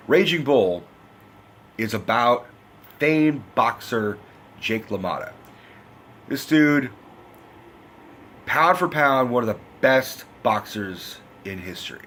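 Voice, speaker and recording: A man from the United States giving a loud, profane, rambling movie review in a casual rant. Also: medium pitch, slight background noise. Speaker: film reviewer.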